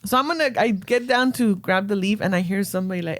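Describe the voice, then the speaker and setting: A woman, co-hosting a podcast and telling animated, profane stories that mix English and Spanish. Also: mid-range voice, fast, hardly any pauses, no echo, studio quality. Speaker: podcast co-host. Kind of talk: casual chat.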